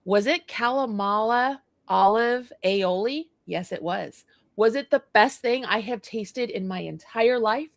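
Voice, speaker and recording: A middle-aged woman co-hosting a casual chat show, telling a story in an animated way, acting out the dialogue and laughing often. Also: on the high side, unhurried, gravelly, no room sound. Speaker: co-host.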